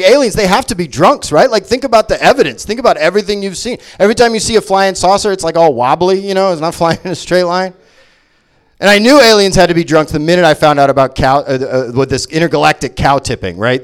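A man doing a stand-up comedy set, ranting sarcastically with lots of swearing. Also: sits high. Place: comedy venue.

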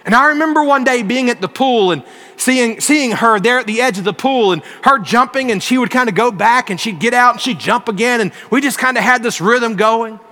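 High, bright-voiced preaching man. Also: a little fast, in a large hall. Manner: earnest storytelling with emphatic rises. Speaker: pastor. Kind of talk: sermon.

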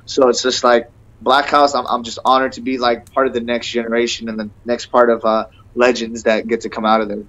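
A man's voice: medium pitch, little pitch movement, a little fast, fairly bright tone. A young man, a fighter guest on a podcast, talking eagerly and rambling, with "bro" and "man" at every turn. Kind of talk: casual interview chat. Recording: dull lo-fi sound.

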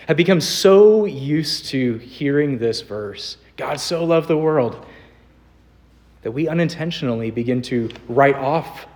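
A man's voice: mid-range voice, a little mellow. Earnest young man preaching. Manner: earnest, varied emphasis, slows on quoted scripture. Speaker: pastor. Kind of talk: sermon. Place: church sanctuary.

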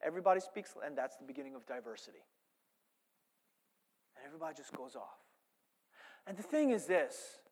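A male pastor delivers a sermon in an animated storytelling manner, dropping to hushed asides and rising to loud, emphatic points. His speaking voice sits high for a man. A long reverb rings through the church hall. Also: a little fast, pauses often.

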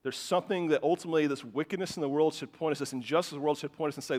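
Man preaching, high voice, long church reverb, impassioned, emphatic bursts, stumbling restarts. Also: fast talker, few pauses. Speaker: pastor. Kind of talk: sermon. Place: church hall.

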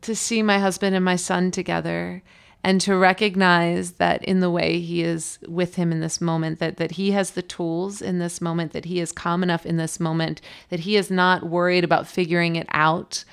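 Earnest low-voiced woman pastor. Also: moderate pace, gravelly, smooth. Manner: earnest, storytelling, animated quotes. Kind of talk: reflective faith chat.

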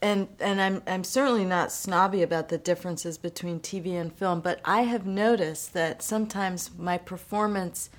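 A woman actor speaking thoughtfully in conversation, pausing with fillers and restarts. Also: lowish voice, fairly even intonation. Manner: hesitant, thoughtful, many fillers. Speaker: actor guest. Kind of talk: casual conversation.

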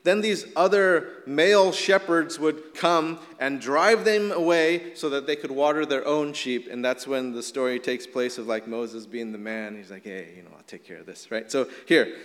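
A middle-aged male pastor preaching a casual, animated sermon with many fillers. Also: mid-range voice, a little slow, hardly any pauses, in a large hall.

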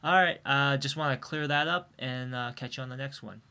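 Male podcast co-host, casual and mid-pitched, thinks aloud with lots of fillers and false starts. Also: brisk, gravelly, pushed and bright, soft background music. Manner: rambling, many fillers and restarts.

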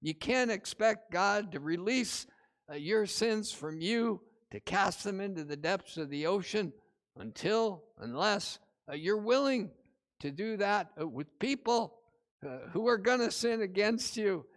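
Guy preaching a sermon, higher voice, says uh a lot, gets loud on the big lines. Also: a little slow. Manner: many "uh" fillers, animated storytelling with rising emphasis. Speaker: pastor.

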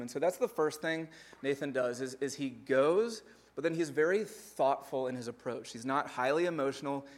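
A young adult pastor with a mid-range voice delivers a conversational sermon organized around numbered points, sprinkled with lively asides.

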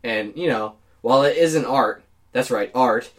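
A man in casual podcast chat, animated and swearing freely, cracking jokey asides. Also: medium pitch, a little slow, recorded from a distance.

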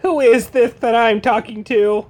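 Roger Carr, a high strained loser done by a man. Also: steady tone, a little slow, darkish tone. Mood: tentative. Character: hapless male playboy, pitched-up loser voice. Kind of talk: comedic dramatic reading.

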